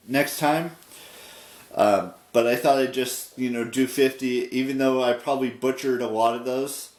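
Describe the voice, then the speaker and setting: A man in his thirties chatting casually in his daily vlog, halting and stopping to spell words out letter by letter. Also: mid-range voice, a little mellow. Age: 30s. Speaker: daily vlogger. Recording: roomy echo, distant from the mic.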